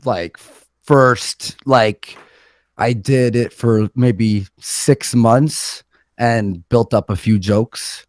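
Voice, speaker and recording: A man's voice: medium pitch, extremely slow, no echo. A man in his late twenties or thirties, a former stand-up comic, talking in self-deprecating, defensive casual chat. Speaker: guest, former stand-up comedian.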